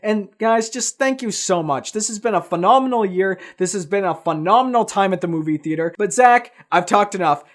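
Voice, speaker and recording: A man's voice: high voice, a little fast, hardly any pauses. A man talking casually about films as a reviewer, emphatic and full of superlatives. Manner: emphatic, enthusiastic, piles up superlatives. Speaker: film reviewer co-hosting a countdown. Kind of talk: casual film talk.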